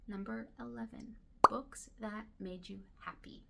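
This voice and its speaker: A woman chatting casually to camera about books she loves, gushing and sometimes dropping to a soft whisper, her throat dry and irritated. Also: medium pitch, a little slow, gravelly, heavy background noise. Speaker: book vlogger.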